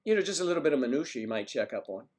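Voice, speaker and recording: A man from the United States hosts a livestream, rattling off rapid-fire, sing-song replies to viewer comments in a mid-range, slightly mellow voice. He's chatty and rambling, wandering from one topic to the next.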